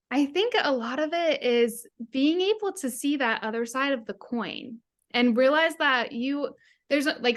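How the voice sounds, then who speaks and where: A woman health coach with a bright, clear-edged voice, speaking as a podcast guest. She is earnest and reflective, and she slips into quoting her own inner voice to make a point. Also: sits high. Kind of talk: casual interview chat.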